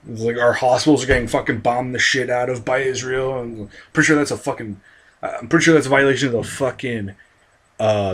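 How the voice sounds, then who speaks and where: An American man in a heavily profane, rambling rant, breaking off from reading an article aloud to vent his anger. His voice sits at an ordinary middle pitch, and he keeps stumbling over restarts and tangents. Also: fairly bright tone, slightly rough. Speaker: video commentator. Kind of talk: ranting commentary mixed with reading an article aloud.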